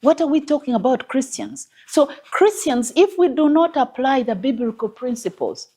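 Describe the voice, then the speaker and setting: Woman counselor on a talk panel: warm, mellow voice with lively ups and downs, drives points home by repeating them. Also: sits high, moderate pace. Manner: emphatic, teacherly, quotes scripture, repeats key points. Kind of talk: panel discussion on faith and marriage.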